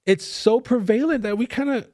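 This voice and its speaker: Animated, foul-mouthed man guest. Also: very high-pitched, brisk. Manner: animated, profane, storytelling. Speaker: podcast guest. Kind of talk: casual chat.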